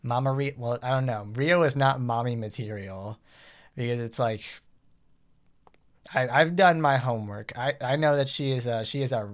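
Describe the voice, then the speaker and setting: A man giving casual gameplay commentary as a streamer, rambling, excitable and often correcting himself. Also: medium pitch, moderate pace. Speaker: gaming streamer.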